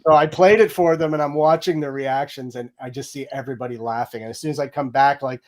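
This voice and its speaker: A man's voice: medium pitch, fairly even intonation, quick pace. A middle-aged man telling a story with energy in an interview, acting out his own quoted lines. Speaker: guest, game audio director.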